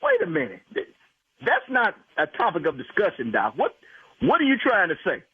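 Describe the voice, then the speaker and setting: A man on a prank phone call who becomes indignant and talks back fast and hard. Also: sits high, wildly swooping pitch, husky, no echo. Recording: tinny phone line.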